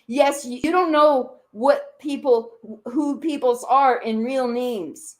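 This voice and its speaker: A woman's voice: sits high, takes it slowly. A woman ranting on a live stream, confronting someone directly, repeating her demands and swearing as her voice jumps up in anger. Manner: confrontational, accusing, repeating questions; swearing, voice jumps up when angry. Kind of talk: heated live-stream rant.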